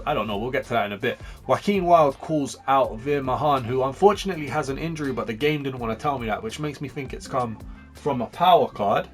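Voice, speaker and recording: Upbeat chatty man commentating a game. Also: medium pitch. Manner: chatty and upbeat, jumping between fast and slow. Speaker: gaming channel host. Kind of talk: casual gameplay commentary.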